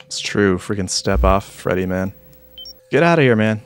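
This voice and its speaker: A male streamer gives loose, joking commentary while he plays. He rambles, mock-complains and talks back to the game in a fairly low voice. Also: expressive, normal speed, a little hiss or hum. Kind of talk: casual gameplay commentary.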